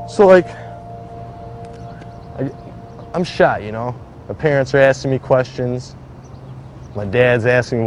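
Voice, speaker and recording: A man's voice: mid-range voice, lively intonation, measured pace, long pauses, slight background noise. A man casually recounting in the first person how he survived a shooting, full of filler "likes" as he acts out other people's words. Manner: conversational, heavy use of "like", acts out quoted voices. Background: background music.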